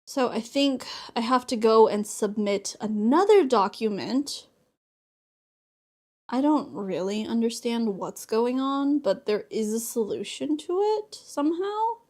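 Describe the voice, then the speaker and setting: A woman's voice: a little high, animated, measured pace, a little mellow. A young woman streaming a crafting session, chatting casually, laughing often and acting out conversations as she tells stories. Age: young adult. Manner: chatty, laughs often, acts out dialogue in storytelling. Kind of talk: casual chat while crafting.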